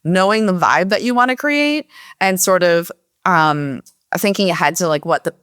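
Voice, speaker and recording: A woman's voice: fairly low pitch, moderate pace, a bit bright, clear, resonant tone, no room sound, studio quality. A woman cookbook author chatting casually on a podcast, rambling and using "like" a lot. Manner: rambling, heavy use of "like".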